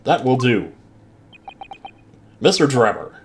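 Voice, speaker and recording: A man's voice: medium pitch, very animated, slow, gravelly, a little hiss or hum, full character voice. A man voicing a stern older male judge who speaks in a formal, commanding way.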